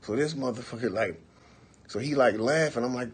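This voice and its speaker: A man in his forties telling a long, profane story on a livestream, acting out the quotes in bursts of loud, animated talk. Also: mid-range voice, fairly quick, slightly rough. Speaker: livestream host. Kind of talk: casual storytelling.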